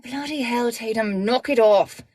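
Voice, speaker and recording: A woman's voice: fairly high pitch, unhurried, a little mellow, no room sound, studio quality, voice pushed up. A woman voicing a weary, blunt older woman doctor, scolding in an exasperated way.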